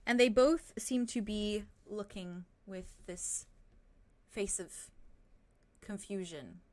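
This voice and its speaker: A woman narrating a tabletop game as game master, relaxed and a bit hesitant as she speaks. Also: mid-range voice, slow.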